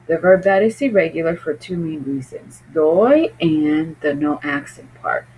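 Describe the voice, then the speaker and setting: Low-voiced woman teaching grammar. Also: a little mellow, slight background noise, low-quality recording. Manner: patient, explanatory, thinking aloud with fillers. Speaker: Spanish teacher. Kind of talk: screencast grammar lesson.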